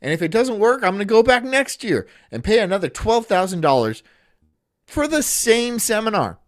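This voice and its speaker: Man putting on a naive eager seminar guy, higher voice, earnest and pleading. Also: big pitch swings, moderate pace. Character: gullible male seminar-goer, hopeful and eager.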